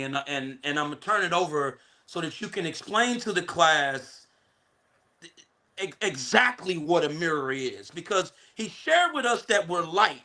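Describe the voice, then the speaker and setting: A man teaching a spiritual class in a lively preaching style, repeating words, restarting phrases and speaking straight to his listeners, sometimes rising to a shout. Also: high-pitched. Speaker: guest speaker, licensed therapist.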